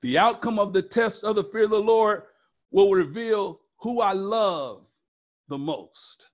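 High-voiced man preaching emphatically. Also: a little slow. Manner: repetitive, emphatic preaching with call-and-response questions. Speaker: pastor. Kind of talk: sermon.

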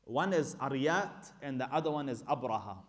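A male Islamic teacher tells sacred history in a relaxed, conversational lecture style. He slips briefly into the characters' lines as he goes. His voice sits at a medium pitch for a man. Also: normal speed. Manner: conversational storytelling that acts out dialogue.

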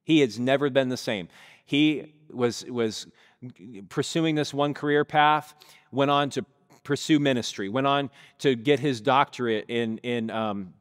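A man's voice: mid-range voice, measured pace. A male pastor tells a story in a sermon, in a mid-range voice and a vivid, conversational manner aimed at his congregation. He speaks on a stage mic in a church sanctuary. The long reverb of the hall trails after his words.

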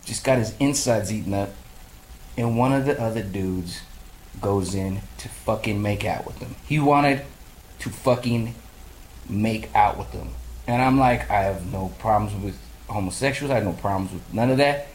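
Profane, animated man ranting. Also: on the low side, moderate pace, roomy sound, slight background noise, low-quality recording. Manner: profane, animated storytelling, mimics his own reactions. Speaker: vlogger reviewing a movie. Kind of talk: casual rant.

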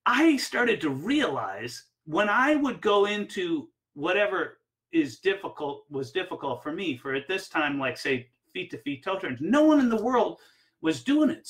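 A man teaches barefoot water skiing through personal stories, talking with energy and frequent ums and uhs. His voice sits a little high and sounds bright and forceful. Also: moderate pace, low-quality recording. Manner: energetic, anecdotal, with frequent fillers. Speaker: barefoot water ski coach. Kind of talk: instructional talk with personal stories.

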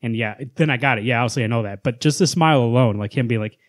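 Man, middle pitch, casual comic recap, animated retelling, dry close mic. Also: fast, no echo. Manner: animated storyteller, acts out lines from panels. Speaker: podcast co-host.

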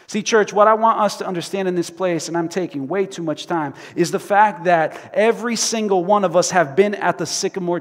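A male pastor preaching a sermon dramatically, swinging from loud to hushed. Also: high-pitched. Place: church sanctuary. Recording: reverberant church sanctuary.

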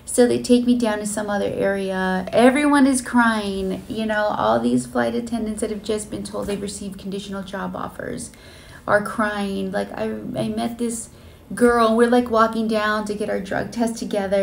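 Woman, casual vlog storytelling, emotional and earnest, slight vocal fry. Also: mid-range voice, steady tone, moderate pace, slight background noise. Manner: earnest and emotional, many fillers. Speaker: flight attendant vlogger. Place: hotel room on a layover.

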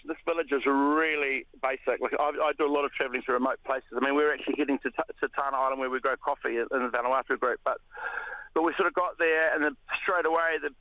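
A New Zealand man, a radio interview guest, recounting an ordeal in a halting way with many restarts. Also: a little high, dry recording, poor audio. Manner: halting, many restarts, animated when retelling shouts.

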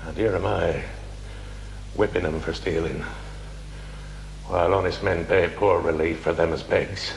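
An actor playing a stern county magistrate who speaks to a jury in a declamatory, questioning manner, from a 1970s television drama. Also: male voice, sits low, steady tone, a little slow, vocal fry, long pauses, slight background noise. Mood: brooding. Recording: echoey reverberant old film sound.

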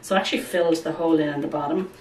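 Chatty woman, low voice, echoey room. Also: fairly even intonation, very fast, a little mellow. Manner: chatty, rambling, often says "guys". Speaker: plant vlogger. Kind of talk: casual chat while repotting plants. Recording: echoey room, distant mic, background noise.

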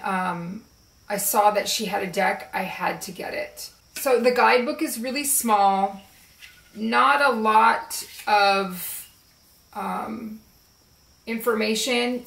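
A woman chatting casually and slowly about her favorite card decks, with relaxed fillers as she shows them. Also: mid-range voice, gravelly, far from the mic. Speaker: spiritual video creator. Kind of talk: casual show-and-tell chat. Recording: roomy echo, voice a bit off-mic.

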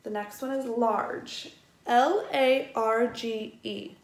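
A woman teaching a first grade vocabulary lesson at a distance, spelling each word out slowly and explaining it gently for young children. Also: on the high side, fairly even intonation. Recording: echoey room.

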